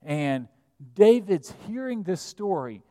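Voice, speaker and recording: A man, the pastor, preaching a sermon and retelling a scripture story in a lively storytelling manner. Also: sits high, slow pace. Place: church sanctuary. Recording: church sanctuary with long reverb.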